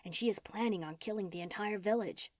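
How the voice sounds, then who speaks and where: A woman's voice: medium pitch, a little fast, no echo, studio quality, natural voice. A woman voicing a meek, apologetic young woman. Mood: subdued. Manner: hushed, subdued.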